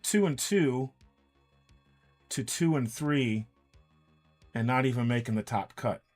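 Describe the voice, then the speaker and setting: A man's voice: mid-range voice, slow. A man casually telling a long anecdote during a painting stream, acting out what each person said. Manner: animated anecdote, quoting others in dialogue. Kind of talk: casual storytelling while painting miniatures. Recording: faint music in background.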